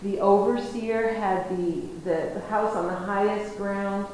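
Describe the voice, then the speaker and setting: A woman's voice: medium pitch, steady tone, unhurried, a little mellow. A woman from the United States telling a personal story as a guest lecturer, rambling and restarting her sentences. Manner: rambling, self-interrupting, many restarts. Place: lecture hall. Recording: very echoey hall, faint noise.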